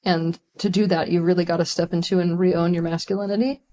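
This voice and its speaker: A woman's voice: on the low side, level tone, a little fast, mellow. A woman talking as a guest on a podcast, speaking emphatically and with passion. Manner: emphatic, impassioned. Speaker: guest, spiritual teacher. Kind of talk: casual interview conversation.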